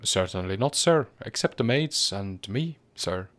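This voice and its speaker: A cold, prim butler, as a male reader puts him on in a storybook reading. He answers softly and slowly, deferential on the surface with a chilly, resentful edge, low in pitch. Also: expressive. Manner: cold, soft, slow, deferential.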